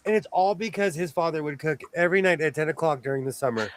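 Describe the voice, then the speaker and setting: A man's voice: fairly high pitch, quick pace, a little hiss or hum, low-quality recording. A man hosting a casual chat, talking in an easygoing way with lots of restarts and self-corrections. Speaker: host.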